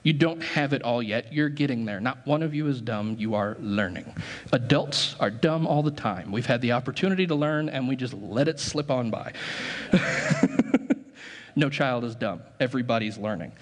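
A man's voice: medium pitch, a little fast, big-room sound. A man preaching a sermon as pastor, talking conversationally, correcting himself as he goes, and laughing at his own asides.

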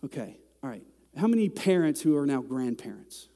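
A middle-aged man preaching a sermon to a congregation, talking in a conversational way that climbs to loud, exasperated peaks. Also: mid-range voice, sing-song, normal speed. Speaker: pastor. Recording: long hall reverb.

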